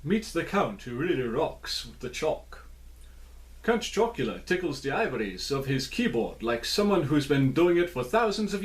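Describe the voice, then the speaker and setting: A man voicing an old male vampire count in a put-on Transylvanian accent, reading in a dramatic, drawn-out way. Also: a little high.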